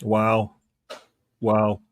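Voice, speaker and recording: A man's voice: lowish voice, monotone, extremely slow, dry recording, clean studio sound. A Canadian man co-hosting a casual online news chat, emphatic and fond of repeating phrases, with sarcastic asides. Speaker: co-host.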